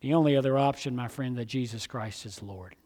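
A man preaching a sermon, swinging between emphatic outbursts and hushed, low passages. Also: a little fast, big-room sound.

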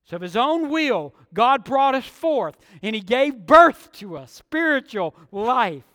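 Very animated yet slow, a male pastor with an unusually high voice gives an emphatic sermon, hammering key words and breaking into quieter side remarks. A long reverb rolls through the sanctuary despite the close, dry mic.

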